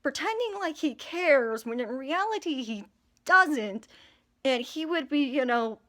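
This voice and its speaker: Woman, casual rambling chat, lots of fillers and giggles, swears freely; slightly high voice. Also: animated, measured pace, sharp tone. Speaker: character creator.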